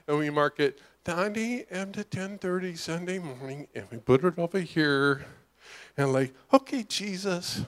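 A middle-aged man preaching a conversational sermon, often asking "right?" and acting out the voices of the people he describes. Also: fairly high pitch. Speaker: pastor.

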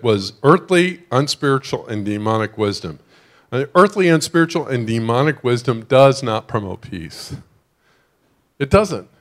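A man preaching a sermon in a conversational way, often checking in with the congregation with "right?". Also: mid-range voice. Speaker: pastor.

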